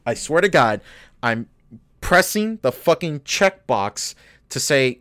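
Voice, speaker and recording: A man's voice: on the high side, slow pace. A man co-hosting a podcast, telling a story in casual chat, swearing a lot and getting worked up in bursts. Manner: profane, animated, rants in bursts. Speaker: podcast co-host.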